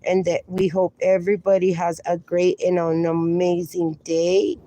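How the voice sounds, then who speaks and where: A woman's voice: on the low side, level tone, a little slow, mellow. A woman hosting a casual phone livestream outdoors with her dogs, greeting viewers and cooing at the dogs in baby talk. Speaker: livestream host.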